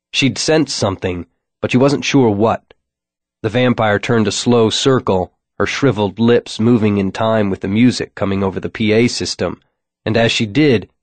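A man's voice: fairly low pitch, dry recording. Man narrating an audiobook, dry sound. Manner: measured, wry, descriptive. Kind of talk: first-person audiobook narration.

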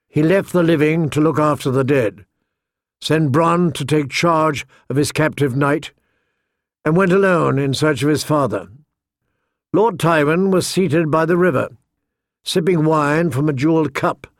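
A male audiobook narrator with a slightly high, gravelly voice, reading a fantasy novel very slowly and deliberately. The sound is close and dry, with no room echo. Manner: slow, deliberate storytelling.

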